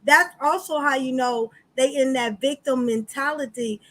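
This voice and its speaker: Woman, high voice, blunt, swears casually, podcast chat. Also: moderate pace, fairly bright tone, low-quality recording.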